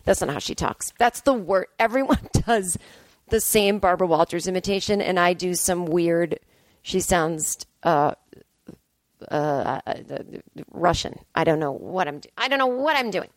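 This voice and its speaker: A woman's voice: fairly low pitch, animated, normal speed, no echo. A woman in her forties hosting a solo podcast from a hotel room, chatty, sarcastic and self-deprecating as she tells stories. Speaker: podcast host. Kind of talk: casual solo podcast monologue.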